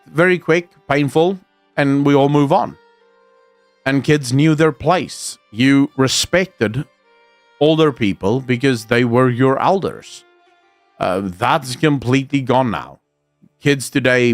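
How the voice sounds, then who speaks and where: A blunt, rambling man, speaking in casual commentary. His voice sits at an ordinary middle pitch and keeps restarting sentences. The sound is dry and close, with faint music playing underneath. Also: no echo. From South Africa. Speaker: streamer host.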